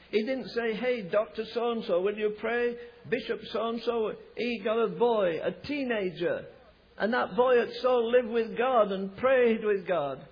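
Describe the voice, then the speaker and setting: High-voiced husky preacher, lo-fi recording. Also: male voice. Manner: acts out quoted voices, builds to loud emphatic climaxes. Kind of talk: sermon storytelling. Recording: dull lo-fi recording.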